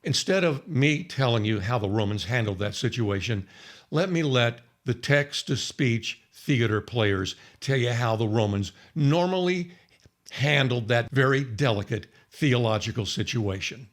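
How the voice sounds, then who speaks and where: A man's voice: mid-range voice, lively intonation, measured pace. A man teaching on the Bible in a conversational storytelling way, acting out the people he quotes. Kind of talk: sermon-style Bible teaching.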